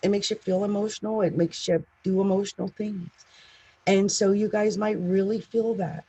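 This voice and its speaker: A woman's voice: medium pitch, fairly even intonation, moderate pace, warm tone, husky, low-quality recording. A woman astrologer giving a casual, chatty horoscope reading with emphatic asides. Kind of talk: casual monthly horoscope talk.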